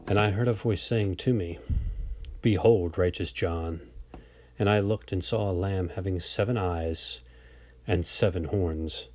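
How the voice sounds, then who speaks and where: A man reading an old religious text aloud in a slow, measured, solemn way, now and then stumbling over a word. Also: deep voice, darkish tone, no room sound. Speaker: reader.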